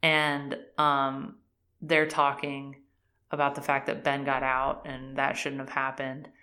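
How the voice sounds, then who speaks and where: A woman's voice: extremely low pitch, completely flat delivery, slow pace, bright, forceful tone. A woman in casual chat, animatedly retelling a TV series' plot and acting out the characters' lines with many "like"s. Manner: frequent fillers "like" and "um".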